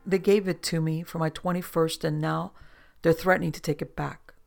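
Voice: medium pitch, steady tone, moderate pace, vocal fry, faint music behind, natural voice. A reader voicing a guarded young woman who answers in clipped, defensive lines. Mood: resolute. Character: young woman, guarded, stubbornly loyal music student.

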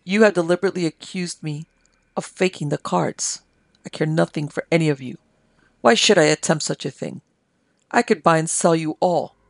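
A reader voicing a delirious army major who raves and pleads in a feverish confession, with a gravelly edge. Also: medium pitch, normal speed, no room sound, close to an everyday voice. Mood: cold, contemptuous. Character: delirious army major, guilt-ridden man.

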